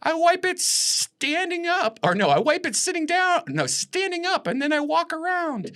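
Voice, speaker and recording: A man mimicking a famous male comedian in a much higher, drawn-out, teasing voice. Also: sing-song, pushed and bright, full character voice. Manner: high, exaggerated, drawn-out mimicry.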